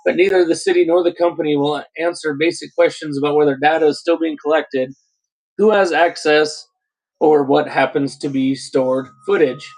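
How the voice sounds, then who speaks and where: A man hosting a casual podcast, reading posts aloud with relaxed, jokey asides. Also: on the high side, moderate pace, low-quality recording. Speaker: podcast host.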